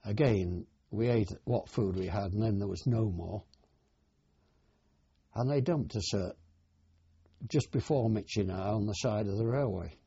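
An older man, a war veteran, telling his memories in a plain, unhurried oral history interview. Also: fairly low pitch, gravelly, warm tone, slightly rough. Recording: dull, dry archive interview recording.

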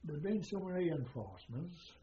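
An older man, a war veteran, slowly recounting his memories in a halting way with many pauses during an interview. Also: a little high, very animated, warm tone, a little hiss or hum. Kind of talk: oral history recollection. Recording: echoey, dull archival interview tape.

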